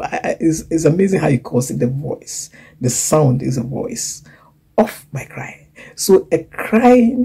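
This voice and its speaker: A woman preaching a sermon, swinging from loud emphasis to hushed whispers and acting out the voices she quotes. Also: low-pitched, creaky, husky, low-quality recording. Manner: acts out quoted voices and laughs between points.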